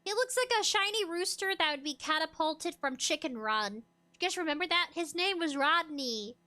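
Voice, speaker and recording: A woman streamer chatting casually on a livestream while reacting to a video. Her voice is high-pitched and bright, and she is giggly and animated, laughing often. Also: normal speed. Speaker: VTuber streamer.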